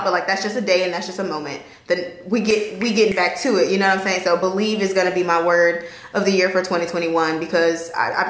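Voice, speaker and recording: A young woman speaks candidly to her camera in a vlog, chatty and openly emotional. Her voice sits at a middle pitch and carries the echo of a bare room. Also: fairly bright tone. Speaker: vlogger. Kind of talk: casual talk to camera.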